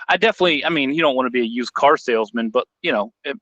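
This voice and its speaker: Guy cohosting a podcast, bright edgy voice, kinda muffled dry recording. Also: mid-range voice, very fast, dry recording. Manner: loose, joking storyteller. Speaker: podcast co-host. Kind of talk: casual chat.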